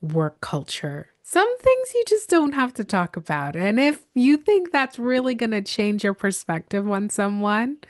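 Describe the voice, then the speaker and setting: A woman's voice: mid-range voice, big pitch swings, a little slow, few pauses, no room sound, clean studio sound. A woman hosting a podcast interview, encouraging her guest with frequent backchannel murmurs. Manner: encouraging, many backchannel "mm-hmm"s. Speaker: podcast host. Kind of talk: casual interview talk.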